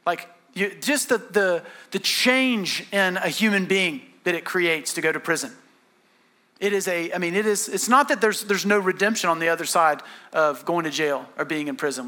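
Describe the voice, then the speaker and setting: A man preaching a sermon, telling the story in an animated way and acting out the characters' lines. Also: high voice. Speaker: pastor.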